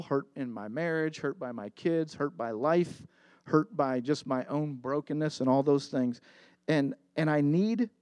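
A man's voice: fairly high pitch, a little mellow, no echo. A middle-aged man preaching a sermon as pastor, earnest and confessional, telling a story with emphatic repetition.

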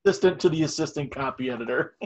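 A man's voice: on the high side, fast talker, darkish tone, highs cut off. A young man co-hosting a casual podcast, crude and mocking. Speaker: podcast co-host.

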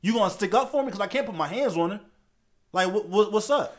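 Young male podcast co-host with a slightly high voice. Loose, profane, lots of restarts and laughter. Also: lively intonation, quick pace. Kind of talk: casual podcast chat.

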